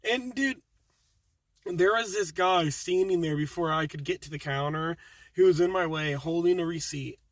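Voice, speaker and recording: Delivery-driver vlogger: man, high voice, chatty and animated, dry sound a little off-mic. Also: moderate pace, dry recording. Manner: animated, casual, says dude a lot. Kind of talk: casual vlog storytelling. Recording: dry, a bit distant from the mic.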